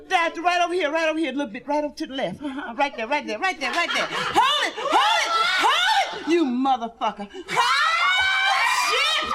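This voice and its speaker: A woman's voice: heavy background noise, heavily acted. Woman doing a shrieking, moaning patient. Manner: shrieking, moaning high cries. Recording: live audience laughing along.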